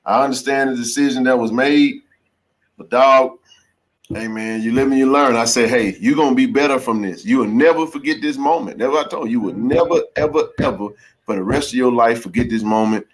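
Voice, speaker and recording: Brisk and medium-pitched, a male sports podcast host chats casually with callers. His delivery is emphatic and a bit sermonizing, and "bro" and "man" come up again and again.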